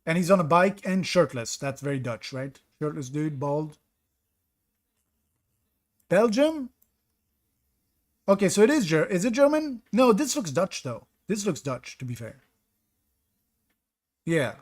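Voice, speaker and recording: A man with a fairly high voice streams a geography guessing game. He reasons out loud and second-guesses himself. He chats casually with his viewers between guesses. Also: sing-song, a little slow, pauses often. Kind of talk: live-stream commentary reading chat.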